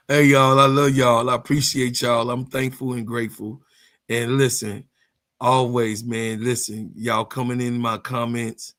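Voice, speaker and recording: A man in his fifties ranting in a casual sports vlog, animated and heated, laughing and swearing freely. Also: medium pitch, unhurried. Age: 50s. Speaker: sports vlogger.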